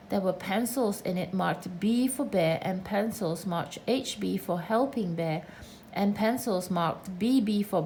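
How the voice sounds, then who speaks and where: A woman reading a children's storybook aloud in a gentle, measured way. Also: medium pitch, slight background noise, rough recording. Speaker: reader.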